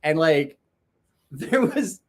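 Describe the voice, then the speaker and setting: A man's voice: a little high, sing-song, extremely slow. A middle-aged man telling crude stories in casual chat, swearing and mimicking the people in them. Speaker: podcast guest telling stories.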